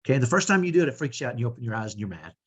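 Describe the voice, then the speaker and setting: A man's voice: medium pitch, very animated, very fast, fairly bright tone, breathy edge. A middle-aged man coaching parents in an online training talk, earnest and repetitive, often repeating a short phrase to himself.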